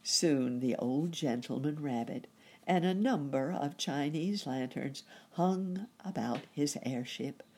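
A woman storyteller reading a children's story aloud in a gentle, expressive way. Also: extremely low pitch, creaky, breathy edge.

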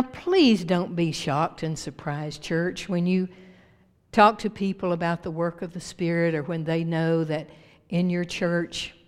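Woman preaching emphatically in a reverberant church. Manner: emphatic preaching with big rises and drops in pitch and loudness. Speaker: pastor. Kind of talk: sermon. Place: church sanctuary. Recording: long reverb of a church hall.

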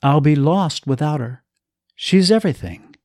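A man voicing a young husband and father overwhelmed with grief, speaking haltingly. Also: fairly high pitch, lively intonation, darkish tone, dry recording, clean studio sound, lightly acted. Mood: despairing. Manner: shaky, despairing, halting.

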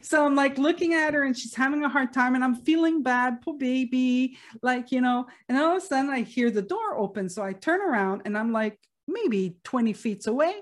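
A middle-aged woman with a slightly raised pitch tells a personal story in a loose, casual way. She talks with plenty of fillers and breaks into laughter now and then. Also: normal speed, few pauses. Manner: chatty, laughs while telling, lots of fillers.

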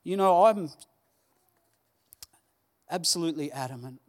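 A man preaching a Sunday sermon, earnest and pleading, with dramatic pauses. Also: a little high. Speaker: pastor. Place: church hall.

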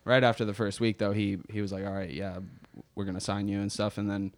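A young man with a low voice talks as a podcast guest, loose and laughing easily. The recording is dry and close. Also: little pitch movement, quick pace, dry recording. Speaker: guest, professional soccer player. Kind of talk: casual interview chat.

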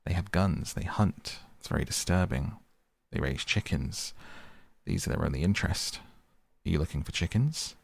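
A patient, wise fox from a storybook, as a man reads it out. The voice is deep and gravelly, calm and explaining, close-miked and dry. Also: normal speed, no echo, heavily acted. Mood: wary. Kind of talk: audiobook reading.

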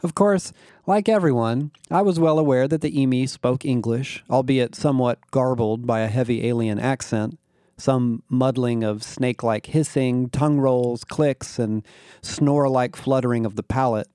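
A man tells a first-person story in a wry, unhurried voice. His tone is mellow and warm, and the recording is close and dry with no room sound. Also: mid-range voice, fairly even intonation, no room sound. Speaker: narrator.

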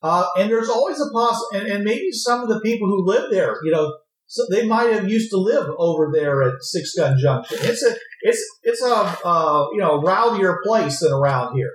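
A man's voice: high voice, lively intonation, normal speed, roomy sound, low-quality recording. A man voicing a folksy old-West wagon driver who says "partner" and "ain't" and rambles in a friendly way. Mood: chatty.

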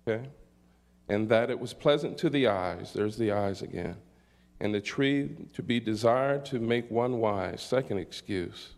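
Slow, deliberate older man preaching. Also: on the low side, expressive, vocal fry, a little mellow. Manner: slow, deliberate delivery with scripture readings and call-outs. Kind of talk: sermon.

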